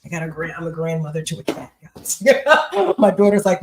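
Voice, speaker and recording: A woman's voice: low-pitched, a little fast, echoey room, noisy background. A woman in her fifties hosting a motivational live chat, speaking emphatically and telling stories straight to her listeners. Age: 50s. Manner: emphatic, storytelling, talks to the audience directly. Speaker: host.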